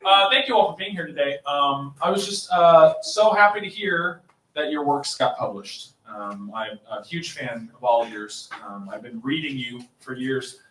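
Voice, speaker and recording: A bright, high-voiced man emcees an improv show with lively, swooping intonation. He sounds upbeat and chatty and laughs easily. The mic sits some way off in a roomy space with faint noise. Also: moderate pace, far from the mic. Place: small coffee shop stage.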